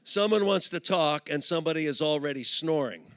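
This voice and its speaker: High-voiced man preaching with humor. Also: fairly bright tone, no echo. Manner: storytelling, acts out both sides of a couple with quick voices. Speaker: conference speaker. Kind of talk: humorous sermon. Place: conference auditorium.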